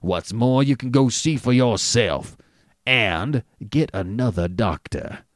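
A man voicing an irritable, sharp-tongued old family doctor who talks loud and cutting in an audiobook. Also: medium pitch, animated, slow pace, no room sound, clean studio sound. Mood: indignant.

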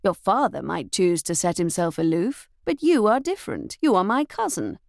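A woman's voice: lowish voice, big pitch swings, moderate pace, gravelly, darkish tone, dry recording, studio quality. A woman reading the lines of an aristocratic male Marquis, speaking emphatically and insistently in a storybook reading. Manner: emphatic, exclaiming.

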